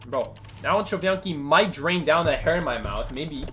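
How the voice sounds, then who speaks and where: A man's voice: fairly high pitch, normal speed, faint music behind. A man commentating his own gameplay live, joking and talking to his chat. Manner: animated, joking, talks to chat. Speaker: gaming streamer.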